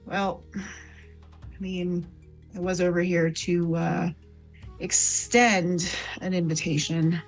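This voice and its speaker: A woman plays a bitter, streetwise male smuggler in a tabletop game. He talks in a low, slow folksy drawl full of rough slang. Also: flat delivery, soft background music. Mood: persuasive. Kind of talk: tabletop role-play.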